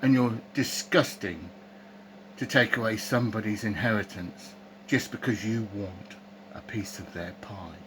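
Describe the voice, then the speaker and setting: A man delivering a rambling, opinionated monologue straight to camera. He talks slowly in a fairly low voice, firing off rhetorical questions. His tone turns scornful as he rants. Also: a bit bright, slight background noise, rough recording. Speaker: political commentator.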